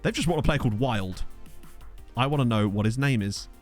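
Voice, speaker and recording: A man streaming a football management game, chatting fast with his viewers, laughing often and getting excited at the action. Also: medium pitch, faint music behind. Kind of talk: casual live-stream commentary with chat. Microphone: desk microphone.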